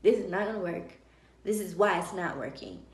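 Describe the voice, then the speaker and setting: A woman's voice: on the low side, moderate pace. Woman vlogger telling her story, roomy room. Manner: animated, acts out dialogue. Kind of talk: personal storytelling. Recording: roomy echo.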